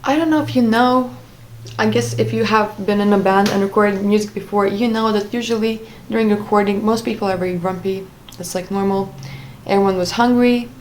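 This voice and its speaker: A young woman talks through a personal story in a loose, unscripted way, full of fillers, restarts and asides. Her pitch sits in an ordinary middle range. A faint hiss runs under the recording. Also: fairly even intonation, a little fast, a little mellow. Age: young adult. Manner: rambling with frequent fillers and restarts. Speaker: vlogger. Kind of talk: casual storytime monologue.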